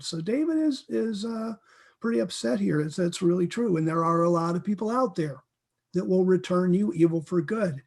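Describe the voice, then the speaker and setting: A man with a fairly high voice leads a Bible teaching. He speaks earnestly and with feeling, often repeating words and restarting his sentences. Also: expressive, normal speed, vocal fry, a little mellow. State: emotional.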